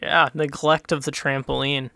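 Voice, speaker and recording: A man's voice: mid-range voice, flat delivery, moderate pace, creaky, background noise. A man in casual comedic chat, rambling through a joke with fillers and laughs.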